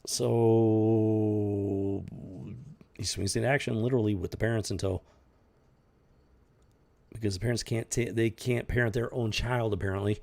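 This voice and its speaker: A man's voice: fairly low pitch, steady tone, a little slow, vocal fry, long pauses, darkish tone. A man hosting a comic book review show, ranting in exasperated, incredulous casual commentary. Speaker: podcast host reviewing comics.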